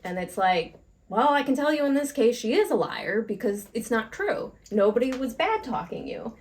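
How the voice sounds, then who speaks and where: Woman podcast co-host, slightly high voice, animated storyteller, casual swearing. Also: moderate pace, slight background noise.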